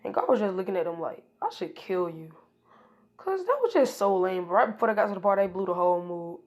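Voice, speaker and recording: A woman's voice: mid-range voice, lively intonation, rapid-fire, a little mellow. A woman casually retelling an improvised fan story, rambling from event to event with lots of hesitation fillers. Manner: rambling, strings events with "and then he was like".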